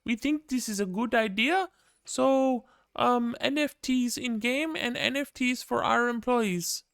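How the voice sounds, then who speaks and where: A man mocking a smug high-voiced executive. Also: measured pace, creaky, a bit bright, clear, resonant tone, no room sound, clean studio sound, full character voice. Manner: self-satisfied, oblivious corporate talk. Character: smug male game-company executive, vague foreign accent.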